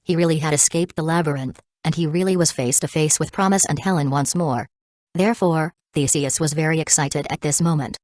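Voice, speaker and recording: A woman narrating an audiobook of a web novel in a steady, even reading. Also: low voice, brisk, dry recording.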